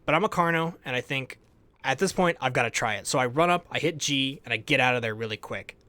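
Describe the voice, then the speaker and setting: A young man telling a lively, casual recap of a survival game as a YouTuber, often laughing and letting his phrases trail off quietly. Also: medium pitch, quick pace, no room sound. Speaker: gaming YouTuber.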